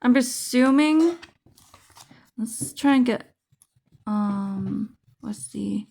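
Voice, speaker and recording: A woman speaks in an unhurried, relaxed way as she sorts through a card pack. Her voice has a noticeable vocal fry. She thinks aloud, trailing off and restarting mid-sentence. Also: a little high, slight background noise. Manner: musing, thinking aloud with fillers. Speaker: card game vlogger. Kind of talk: casual unboxing chat.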